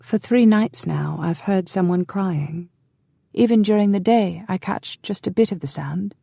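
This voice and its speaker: A woman voicing a frail young nobleman, soft-spoken and hesitant, in an audiobook. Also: mid-range voice, a little slow, creaky, no room sound, studio quality, pitched above the performer's own voice. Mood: wistful. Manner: gentle, wistful, soft-spoken.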